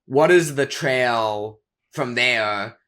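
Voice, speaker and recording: A man hosting a podcast, asking halting, searching questions of his guest. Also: medium pitch, pushed and bright. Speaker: podcast host. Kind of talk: interview questions.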